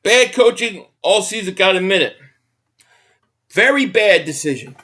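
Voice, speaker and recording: This live stream host, angry about a football game, reads out viewer messages while swearing bluntly and repeating the same gripe. His voice is bright, forceful and animated, with wide pitch swings line to line, at normal speed.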